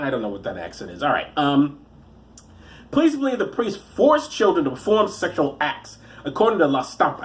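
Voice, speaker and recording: A man giving profane comic commentary on news stories, rambling and halting, with frequent restarts and asides. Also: fairly high pitch, very animated. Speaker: comedian reading the news.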